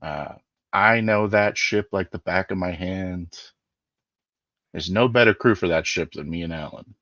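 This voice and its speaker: Deep-voiced man haggling in character. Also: unhurried, fairly bright tone, no room sound, highs cut off. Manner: persuasive, haggling, with fillers. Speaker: player. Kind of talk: in-character tabletop role-play.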